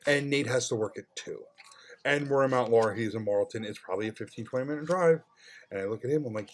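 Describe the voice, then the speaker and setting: A man telling a frustrating customer-service story in a casual, animated way, swearing freely and swinging from low mutters to loud outbursts. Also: quick pace, slight background noise.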